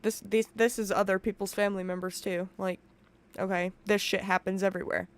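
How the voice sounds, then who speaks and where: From a room at home with an open window, a woman livestreaming casual reaction commentary recounts a painful family memory. She speaks briskly in a level, mid-range voice, yet her talk is emotional, profane and rambling.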